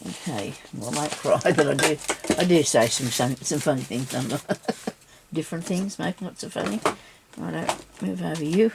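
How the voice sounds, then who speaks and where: A woman's voice: low-pitched, moderate pace, creaky, heavy background noise. A woman chatting casually as she crafts on camera, talking to herself and her viewers and teasing herself with small laughs. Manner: chatty, talks to herself and viewers while working. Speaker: crafter filming a tutorial.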